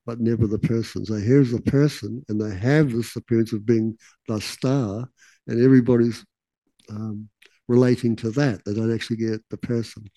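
A man giving a relaxed, casual teaching talk, with laughing asides and quotes that he acts out. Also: medium pitch, moderate pace, dry recording, poor audio.

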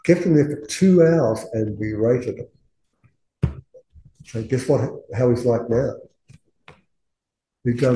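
A man's voice: medium pitch, animated, takes it slowly, pauses often, warm tone, a little hiss or hum. A man giving a casual Buddhist Dharma talk, chatty, often laughing and acting out quoted voices. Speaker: Buddhist teacher. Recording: roomy echo.

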